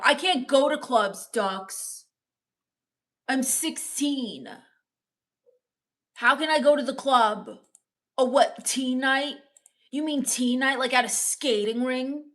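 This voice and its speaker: A woman playing a sullen, bitter teenage goth girl in live-stream character comedy, mopey, deadpan and scornful as she reads the chat. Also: sits high, takes it slowly, long pauses. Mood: sulky.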